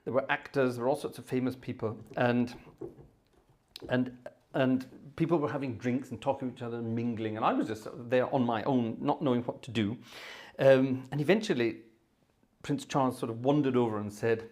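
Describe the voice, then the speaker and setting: A man's voice: medium pitch, steady tone, brisk, darkish tone. Rambling man telling a concert anecdote. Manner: rambling, filler-heavy, self-interrupting. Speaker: concert organist and host. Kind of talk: live storytelling anecdote.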